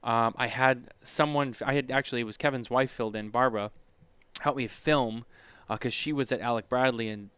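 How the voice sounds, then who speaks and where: A man co-hosting a relaxed podcast, spinning a rambling story full of restarts and quoted back-and-forth. His voice is smooth and resonant, recorded close and dry with no room sound. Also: mid-range voice, a little fast, no echo. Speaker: podcast co-host. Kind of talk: casual chat.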